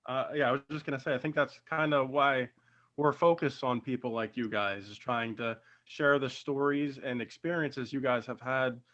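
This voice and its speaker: Guy hosting an interview on a call, gushy and excited, lots of ums, muffled audio. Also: medium pitch, moderate pace. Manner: enthusiastic and effusive, many fillers. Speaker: interview host. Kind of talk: casual interview talk. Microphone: video call. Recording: dull lo-fi video call audio.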